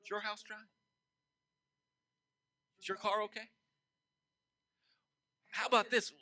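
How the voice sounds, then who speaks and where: A pastor preaching a sermon, swinging between loud emphatic declarations and hushed asides, and stretching key phrases out slowly. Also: male voice, sits high, steady tone, no echo, poor audio.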